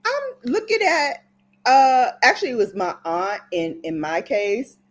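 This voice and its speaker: A woman's voice: low voice, a little mellow. A woman from Brooklyn telling a playful, dramatic story to her viewers in a casual vlog. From Brooklyn, New York. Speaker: beauty vlogger.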